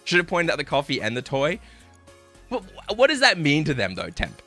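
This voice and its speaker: Young male streamer, lively, bright voice, casual storyteller who swears. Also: a little high, brisk, faint music behind. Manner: animated, swearing, laughing while telling stories. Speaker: livestreamer.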